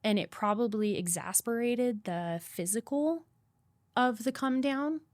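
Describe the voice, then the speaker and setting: A woman's voice: on the high side, lively intonation, a little slow, no room sound. A woman guest on a podcast telling a hard personal story candidly, swearing freely and repeating points for emphasis.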